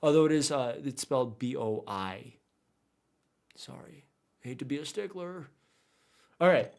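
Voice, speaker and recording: A man's voice: medium pitch, lively intonation, measured pace, gravelly, darkish tone. A man streaming a video game, rambling casually to his chat while he plays. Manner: rambling, chatty, talks to chat while playing. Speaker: gaming streamer. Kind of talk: casual live gameplay commentary.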